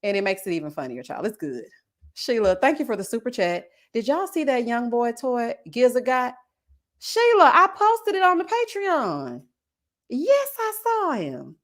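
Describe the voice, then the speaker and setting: Sassy, lively woman streamer. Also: on the high side, normal speed. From Texas. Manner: sassy, laughs often, puts on voices when quoting people. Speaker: YouTube commentator reading live chat. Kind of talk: casual live-stream commentary.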